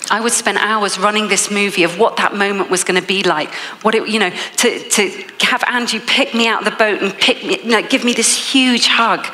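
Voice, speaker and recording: English woman, motivational speaker, bright tense voice, long hall reverb. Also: mid-range voice, normal speed, few pauses. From England. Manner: lively storytelling with frequent laughs. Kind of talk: keynote speech.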